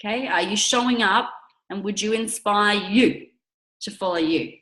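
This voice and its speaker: A woman's voice: mid-range voice, moderate pace, a bit bright, reverberant, rough recording. A woman leading a team coaching call, upbeat and chatty, with lots of "okay?" check-ins. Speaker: network marketing team leader.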